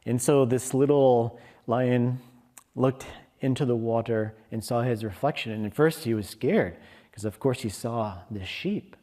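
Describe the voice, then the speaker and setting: Man, sermon, slow, mid-pitched, storytelling. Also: darkish tone. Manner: slow, storytelling, briefly acting out lion and sheep voices. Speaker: minister giving a Sunday service talk. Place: hall of a spiritual community.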